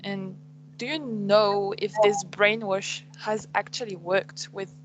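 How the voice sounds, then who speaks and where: A woman interviewer asking careful, hesitant questions, with pauses and fillers between her words. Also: medium pitch, fairly even intonation, a little hiss or hum, poor audio.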